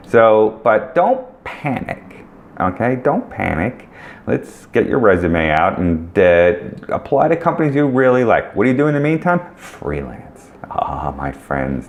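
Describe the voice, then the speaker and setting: A middle-aged man talks straight to the camera in a loose, rambling monologue, blunt and joking as he hands out career advice. His voice is gravelly, and his pitch leaps and drops with animated swings. He keeps circling back to the same questions. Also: lo-fi sound. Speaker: ad agency owner giving career advice. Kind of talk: casual direct-to-camera monologue.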